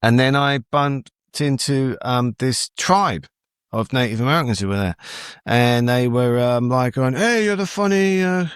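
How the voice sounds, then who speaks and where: A man's voice: mid-range voice, measured pace, clean tone, dry recording, studio quality. A middle-aged British man, a comedian, telling a story as a podcast guest and acting out the people in it. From Britain. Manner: animated storyteller who acts out voices in quotes.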